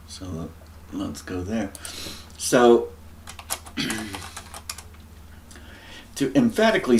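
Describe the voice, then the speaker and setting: A man thinking aloud through a scripture and word study, often clearing his throat. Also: low voice, a little hiss or hum. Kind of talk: musing scripture study talk.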